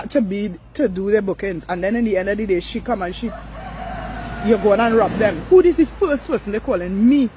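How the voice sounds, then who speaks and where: A woman's voice: on the high side, husky, rough recording. An older woman, ranting on a live stream, blunt, profane and repetitive. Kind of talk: angry live-stream rant.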